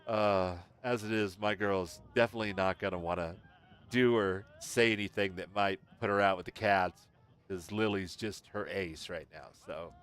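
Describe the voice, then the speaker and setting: A man's voice: low voice, fairly even intonation, moderate pace, a bit bright, clean tone. A man streaming a game, chatting casually and joking as he plays. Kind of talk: casual gameplay commentary. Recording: voice over game music.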